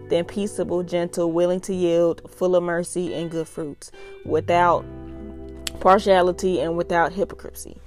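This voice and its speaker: A woman's voice: lowish voice, darkish tone. A young adult woman, earnestly reading and talking through scripture in a casual devotional vlog. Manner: earnest, emphatic, repeats "y'all". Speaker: faith vlogger reading devotional.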